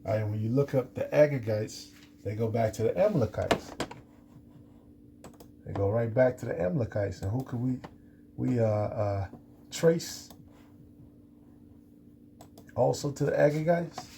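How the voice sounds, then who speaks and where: A man teaches scripture off the cuff in a deeply mellow, dark voice. He rambles, circles back and stumbles over his words with plenty of fillers. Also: unhurried, creaky, pauses often, a little hiss or hum. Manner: rambling, many restarts and fillers. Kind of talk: unscripted scripture lesson.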